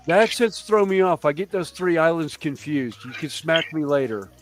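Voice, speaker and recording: A man's voice: fairly high pitch, expressive, moderate pace, music in the background. A man in his fifties chatting casually as a host, rambling, swearing now and then and laughing often. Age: 50s. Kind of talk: casual chat.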